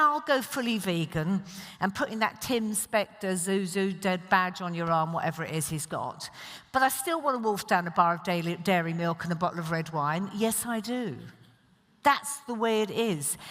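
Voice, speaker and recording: British woman giving a keynote in a reverberant hall. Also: lowish voice. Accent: British English. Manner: conversational, animated, with wry asides. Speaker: keynote speaker. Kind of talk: conference keynote speech. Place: large festival stage hall.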